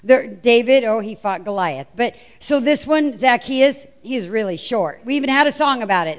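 A middle-aged woman preaches a sermon with a fairly high voice. She tells the story in a lively way and acts out the voices of the people in it. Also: moderate pace, hardly any pauses, smooth.

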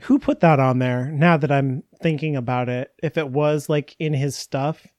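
Mellow-voiced joking man in casual chat. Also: fairly high pitch, steady tone, normal speed, dry recording, clean studio sound. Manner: joking, laughs often, rambling asides. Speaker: podcast co-host. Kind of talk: casual book-club chat.

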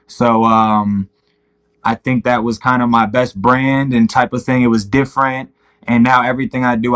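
Earnest young fighter, easygoing. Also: male voice, medium pitch, a bit bright. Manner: earnest, easygoing, with filler ums. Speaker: guest, mixed martial arts fighter. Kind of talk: casual interview answers.

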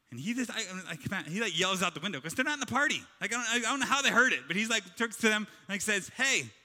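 A man preaching a sermon in an animated, conversational way, acting out quotes. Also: high-pitched, long reverb tail. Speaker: pastor.

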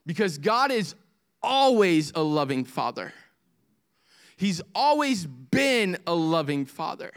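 A man preaching a sermon as pastor, swinging from impassioned highs to hushed lows. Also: big pitch swings, slow.

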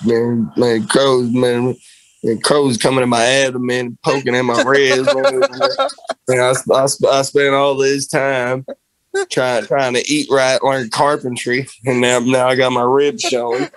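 A man's voice: medium pitch, unhurried, lightly acted, rough recording. A man voicing a rambling, complaining Jesus with a southern American accent, peppering every phrase with "man". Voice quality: drawling, rambling with "man" fillers. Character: whiny drawling southern Jesus on the cross, adult man. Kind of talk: comedic improv.

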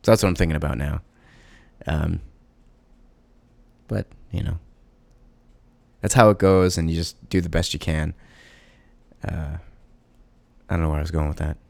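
A man, a parent of a young child, talking through a personal monologue in a halting, emotional way with many fillers and restarts. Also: very deep voice, steady tone, creaky, dry recording.

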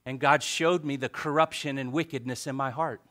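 A male pastor preaching a sermon, telling a story with animated swings between soft asides and loud exclamations. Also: mid-range voice, normal speed.

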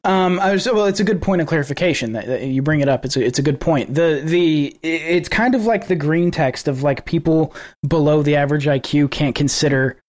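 Podcast co-host, male, casual and rambling, restarts a lot, mid-high voice. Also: fairly quick, few pauses. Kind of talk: casual political podcast chat.

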